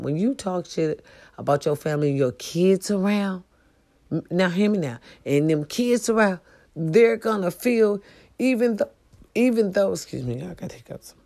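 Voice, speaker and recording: A woman's voice: fairly low pitch, warm tone. A middle-aged woman hosting a casual live stream, talking to her viewers in an emphatic, preachy way with plenty of swearing.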